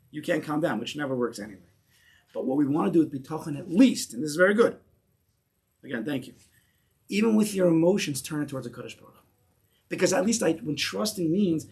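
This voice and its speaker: Leading a Torah lesson, this man speaks in a voice on the high side, mixing Hebrew terms into his English. He's emphatic, circling back to key phrases while working up to a point.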